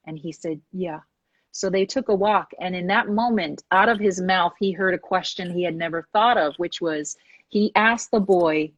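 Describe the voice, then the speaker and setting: A woman hosting a talk show, telling a story with lively acted-out quotes. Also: on the low side, normal speed, no room sound, muffled recording. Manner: animated storyteller acting out quoted voices. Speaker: host.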